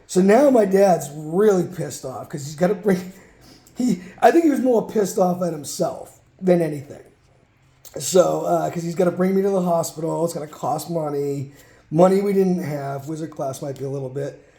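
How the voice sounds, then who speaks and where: A man's voice: fairly high pitch, normal speed, mellow, reverberant. A man casually telling a rambling childhood story while sorting through a card collection, breaking off for muttered asides.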